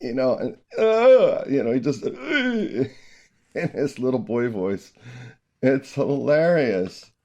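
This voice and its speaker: A middle-aged man hosting a podcast about music teaching, chatting casually and telling animated stories with frequent laughter. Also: medium pitch, slow pace. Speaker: podcast host, early childhood music teacher.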